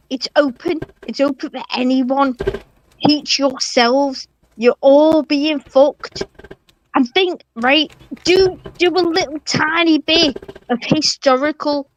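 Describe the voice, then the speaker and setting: A fiery woman on a dull, lo-fi call line, her voice pitched a little high. She rants slowly and deliberately, swearing hard and talking over the host. The sound is dry and close. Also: fairly bright tone. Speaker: caller. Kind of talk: heated live-stream debate. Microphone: remote call.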